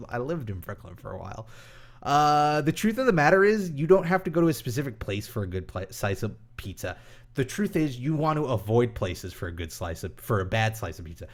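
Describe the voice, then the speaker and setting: A young man hosts a laid-back live stream, reading out viewer questions and answering them in a loose, talkative way full of pauses and fillers. His voice sits in the mid range.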